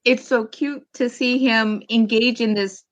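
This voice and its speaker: Animated mom telling family stories. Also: female voice, on the high side, a little slow, dull audio. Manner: warm, animated storytelling with laughs. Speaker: guest, mother of two. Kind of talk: casual interview chat.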